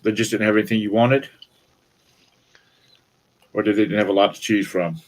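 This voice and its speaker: A man with a fairly low voice chats on a live stream. He sounds easygoing and laughs easily as he talks. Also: fairly even intonation, normal speed, rough recording. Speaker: co-host. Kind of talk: casual live-stream chat. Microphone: desk mic.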